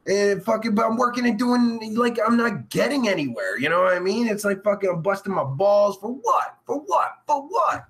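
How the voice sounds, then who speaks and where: A man with a high voice talks briskly with few pauses as he hosts a crude podcast. Stuffy-nosed, he swears constantly and jokes over viewer comments, his manner loud and profane as he lurches from shouting to mumbling.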